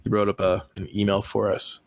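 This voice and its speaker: A man co-hosting a casual podcast, talking in a relaxed way with some hesitation. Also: fairly low pitch, a little fast, no echo. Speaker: podcast co-host. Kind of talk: casual chat.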